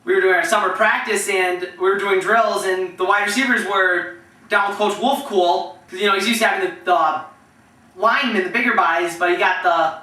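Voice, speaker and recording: A man's voice: high-pitched, fairly quick, sharp tone. A young man rambling through stories about his football team in a casual way, with restarts and bursts into impressions of his coaches. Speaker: vlogger telling team stories. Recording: echoey room, mic at a distance.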